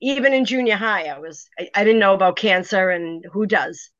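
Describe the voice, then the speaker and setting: A middle-aged woman, telling a personal story in an interview, animated and full of "you know" fillers. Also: medium pitch, normal speed, no echo. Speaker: author guest. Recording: dry, dull lo-fi sound.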